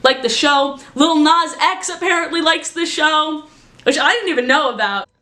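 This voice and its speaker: Excitable chatty young woman vlogger. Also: sits high, normal speed. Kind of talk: casual vlog recap. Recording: roomy echo.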